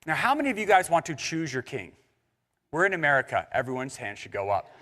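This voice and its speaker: A man's voice: a little high, fast talker. A young man preaching a sermon in a church, conversational and joking with the congregation. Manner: animated and conversational, with jokes and asides to the congregation. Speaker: pastor. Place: church sanctuary.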